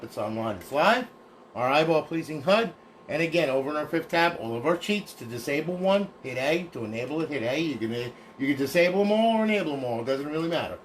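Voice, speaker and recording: A man's voice: on the high side, slight background noise. A man casually walking through modded game consoles on a livestream, chatty and folksy, thanking each buyer by name.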